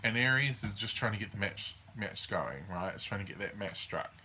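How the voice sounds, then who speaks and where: Bright-voiced man rambling through astrology. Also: lowish voice, expressive, slight background noise. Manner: rambling and hesitant, full of ums and restarts; acts out the signs in quick quoted voices. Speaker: astrology host. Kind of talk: casual monthly astrology walkthrough.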